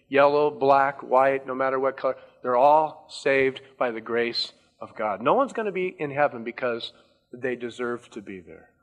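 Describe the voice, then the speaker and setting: A man preaching a sermon as a pastor, stressing and repeating key words with slow, deliberate emphasis. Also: medium pitch, a bit bright.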